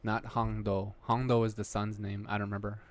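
A man's voice: on the low side, level tone, fairly quick. A man co-hosting a casual movie podcast, joking and recapping plot in a laid-back way. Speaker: podcast co-host.

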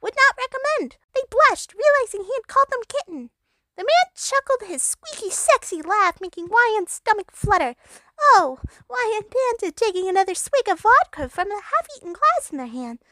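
A woman's voice: extremely high pitch, very animated, moderate pace, pushed and bright, dry recording. A woman narrating an absurd comedic fanfiction with mock-dramatic delivery.

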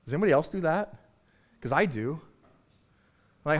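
Man preaching a lively sermon. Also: fairly high pitch, moderate pace, long pauses. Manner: conversational, swings from quiet to loud and emphatic. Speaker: pastor.

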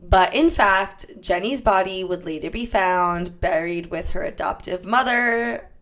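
A woman's voice: medium pitch, unhurried, fairly bright tone. A woman hosting a podcast, telling a true-crime story in a casual, giggly way and swearing freely.

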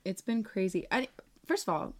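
A woman's voice: mid-range voice, very animated, normal speed. Congested, nasal woman podcast host. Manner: bubbly, laughing often. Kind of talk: casual chat.

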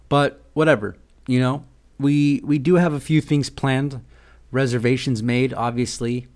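A man's voice: mid-range voice, fairly even intonation, a little slow, darkish tone. A young man hosting a podcast, telling a rambling, irreverent comic story full of swearing. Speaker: podcast host. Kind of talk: casual comedic monologue.

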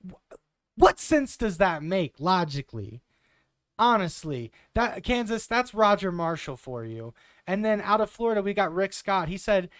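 Young man, political commentary, sarcastic and blunt, higher smooth voice, dry close mic. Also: animated, moderate pace, no room sound. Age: 20s.

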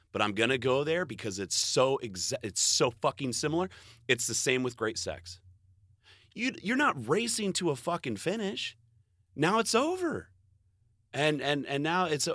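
A man's voice: medium pitch, pushed and bright, no room sound, studio quality. A man giving a casual, rambling motivational monologue, swearing freely, laughing often and cutting himself off mid-thought. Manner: profane, rambling, self-interrupting, laughs often. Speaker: vlogger.

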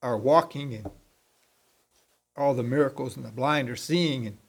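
A man giving an unscripted sermon as a lay preacher, talking in a halting, conversational way and often clearing his throat. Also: medium pitch.

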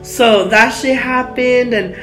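A man's voice: very high voice, fairly even intonation, slow, sharp tone. A young man, a podcast guest, telling casual stories full of slang and swearing. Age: young adult. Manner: slangy, swears, fills with "like" and "dude". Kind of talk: casual storytelling. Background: faint music.

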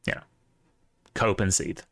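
A man's voice: slow pace, fairly bright tone, no echo, clean studio sound. A man co-hosting a casual podcast chat, opinionated and rambling, with plenty of fillers. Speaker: podcast co-host.

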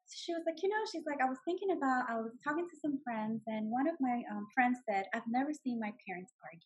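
Animated high-voiced woman sharing her testimony. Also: quick pace, breathy edge. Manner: emotional, animated, laughs often. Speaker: guest sharing her story. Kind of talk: personal testimony.

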